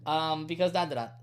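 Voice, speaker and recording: A man hosting a podcast in casual chat, animated and laughing often, stumbling over titles. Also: a little high. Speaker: podcast host.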